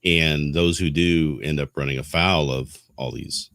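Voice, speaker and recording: A middle-aged man with an extremely deep, low voice, chatting loosely on a podcast. He rambles and reminisces, poking fun at himself. The sound is close and dry, with no room around it. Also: fairly even intonation, unhurried, a bit bright, no room sound. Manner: rambling, reminiscing, self-deprecating. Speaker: podcast co-host. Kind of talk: casual podcast discussion.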